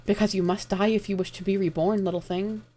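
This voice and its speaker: A woman voicing a dying man, soft and tender. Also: medium pitch, fairly even intonation, fast talker, natural voice. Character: dying gentle male lover, tender and calm.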